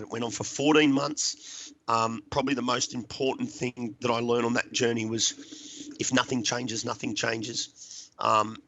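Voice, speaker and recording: A middle-aged man, a podcast guest, earnestly telling a personal recovery story with halting restarts. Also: mid-range voice, bright, forceful tone, a little hiss or hum, rough recording. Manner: earnest, halting, repeats words while searching.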